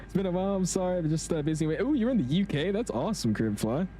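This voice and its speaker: A young man casually commentating his flight simulator live stream, chatting with viewers in a relaxed, slangy way. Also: sits high, quick pace. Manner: laid-back, chatty, slangy, reads chat aloud.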